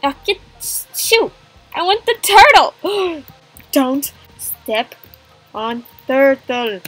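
Female gamer, high voice, gaspy and jokey, easygoing pace. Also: very slow, faint music behind. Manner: excitable, gasping, jokey. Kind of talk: playful game commentary.

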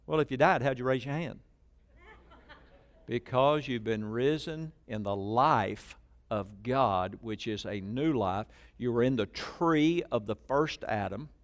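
A man preaching a sermon to a congregation, calling out lines for them to repeat, moving between loud emphatic bursts and quiet asides. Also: mid-range voice. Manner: call-and-response preaching, prompting the congregation to repeat. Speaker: pastor. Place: church sanctuary with congregation.

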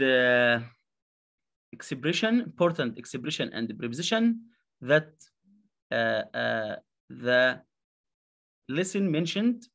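A man with an Egyptian accent teaching an English lesson, halting with many fillers and repeated words as he drills pronunciation. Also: a little high, fairly bright tone. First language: Arabic. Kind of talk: slow classroom explanation.

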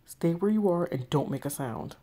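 Worried friend texting advice nonstop, woman reading, low warm voice, urgent. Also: lively intonation, normal speed. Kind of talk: text story read aloud.

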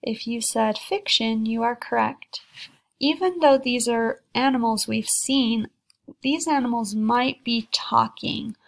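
A woman teacher reading a children's story aloud, slowly and deliberately, pausing between short phrases. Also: a little high, gravelly. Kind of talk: slow read-aloud lesson for children.

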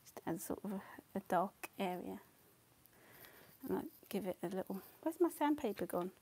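A woman's voice: mid-range voice, expressive, moderate pace, warm tone, breathy edge. A woman hosting a live watercolour demo, thinking aloud, trailing off and answering viewer comments as she paints. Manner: chatty and self-deprecating, thinks aloud, often trails off. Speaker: watercolour artist and channel host.

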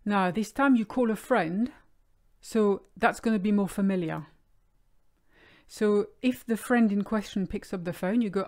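A woman teaching French vocabulary in a clear, explanatory way, slowing down on key words. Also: medium pitch, a little mellow. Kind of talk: language lesson.

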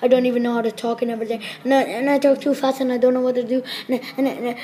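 A woman improvising a silly comic sports skit, rambling fast and squealing cheers. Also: on the high side, little pitch movement, warm tone. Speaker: comedy video maker.

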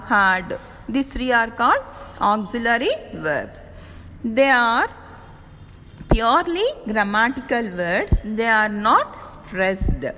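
Slow, lively-voiced woman teaching phonetics. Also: a little high, in a large hall. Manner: slow, deliberate explaining, spelling words out. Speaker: college English teacher. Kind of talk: recorded classroom lecture.

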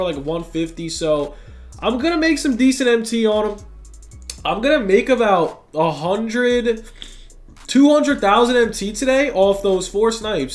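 A young man with a cold, talking fast and casually over his gameplay and saying "bro" a lot. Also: high voice. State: has a cold, sounds tired. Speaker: gaming YouTuber.

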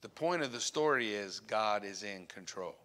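A man's voice: fairly low pitch, animated, normal speed. Earnest male pastor preaching in a church. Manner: earnest preaching, dropping to a hushed voice on key points. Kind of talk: sermon. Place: church sanctuary. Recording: long church reverb.

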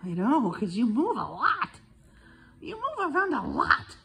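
Cooing woman with a gravelly, slow voice. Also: high voice, huge pitch swings, bright, forceful tone, low-quality recording. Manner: coos and half-whispers, sprinkling in Spanish words. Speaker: cat sitter. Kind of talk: affectionate talk to a cat. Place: indoors at a home with the cat.

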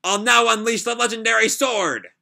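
A man's voice: extremely high pitch, moderate pace, vocal fry, pushed and bright, pitched above the performer's own voice, exaggerated voice. A man voicing a proud, stubborn young male knight, declaiming his lines grandly while reading a comic aloud. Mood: defiant.

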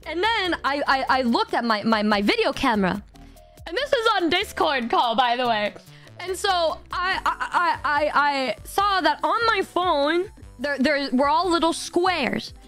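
Woman streamer in her 20s, high bright voice, giggly, swears a lot, stumbles over words, soft music under her. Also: expressive, measured pace. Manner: giggly, swears freely, stammers and repeats words. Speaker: vtuber streamer. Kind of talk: casual storytelling chat.

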